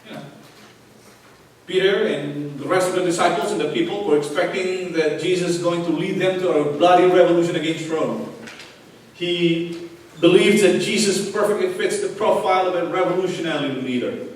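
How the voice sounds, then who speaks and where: A man's voice: on the high side, fairly even intonation, normal speed, slight background noise. A man preaching a sermon with passion, driving points home with repeated rhetorical questions. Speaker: pastor. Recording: echoey hall from far off.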